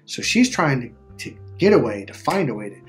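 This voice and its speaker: A man's voice: medium pitch, very animated, brisk, faint music behind. A middle-aged man talking casually as a relationship coach, emphatic and repetitive, swearing freely. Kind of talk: casual talk to camera.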